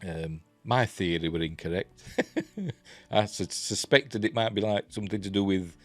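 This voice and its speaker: A low, deep-voiced man with a Yorkshire accent casually reviews a TV episode at normal speed, with no echo in the recording. He meanders between thoughts using "you know" and "um," and soft music plays faintly behind him.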